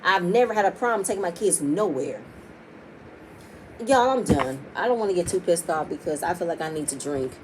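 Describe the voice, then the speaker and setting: A woman's voice: on the low side, expressive, a little fast, noisy background. Heated, profane woman reviewing a show. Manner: heated and profane, talking straight to viewers. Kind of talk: casual reality TV recap rant.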